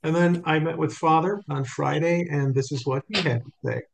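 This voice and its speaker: A man leading a spiritual group, reading a received message aloud in a measured, earnest way with wry asides. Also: a little high, gravelly, slight background noise.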